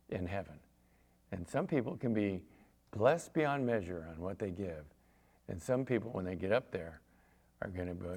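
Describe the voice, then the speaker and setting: A man preaching as pastor, reading scripture aloud with rising emphasis and acting out little voices. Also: lowish voice. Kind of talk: sermon.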